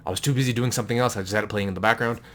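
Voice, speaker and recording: A man with a lowish, fairly even, slightly bright voice talks very fast to the camera at home while showing off his book collection. He rambles and corrects himself in an offhand, slightly crude way, and a distracting noise can be heard in the room.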